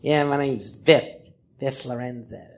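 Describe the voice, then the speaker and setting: A man's voice: mid-range voice, steady tone, unhurried, darkish tone, voice pushed down, lightly acted. A man voicing an odd male war veteran who growls with his top lip curled under his teeth. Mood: growly.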